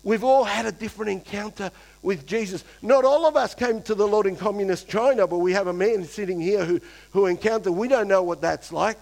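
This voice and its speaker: A pastor preaching a lively sermon to his church, acting out quoted voices and swinging between loud and hushed. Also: high-pitched, brisk, creaky, poor audio.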